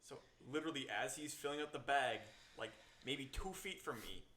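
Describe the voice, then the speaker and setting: A man's voice: medium pitch, moderate pace, sharp tone. A young man chatting casually on a podcast, profane and full of "like" fillers. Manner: profane, hedging with lots of "like". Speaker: podcast co-host. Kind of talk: casual chat.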